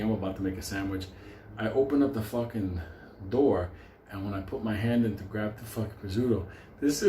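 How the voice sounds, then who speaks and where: A man's voice: medium pitch, darkish tone, slight background noise. A man telling a rambling, profane comic story, laughing through it. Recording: roomy echo, faint ambience.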